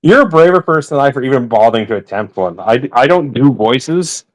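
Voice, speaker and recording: A man's voice: medium pitch, lively intonation, brisk, poor audio. A man playing a tabletop game, speaking in a wry, hesitant way with many fillers. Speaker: tabletop player. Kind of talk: casual in-character game chat.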